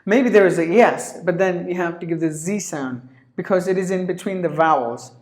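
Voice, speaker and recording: A man teaching English pronunciation, repeating each word several times in a drawn-out way. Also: sits high. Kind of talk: pronunciation lesson. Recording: roomy echo.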